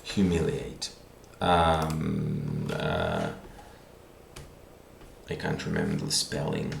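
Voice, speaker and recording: A man's voice: extremely low pitch, very animated, very slow, vocal fry, a little hiss or hum. A man teaching a language lesson on video, patient and repeating words as he thinks aloud. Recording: roomy echo.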